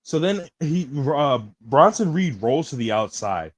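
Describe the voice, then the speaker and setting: A man co-hosting a casual wrestling podcast, describing matches excitedly in loose slang. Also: a little high, a little slow, no room sound, poor audio. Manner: excitable, slangy, says bro a lot. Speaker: podcast co-host. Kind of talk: casual wrestling review chat.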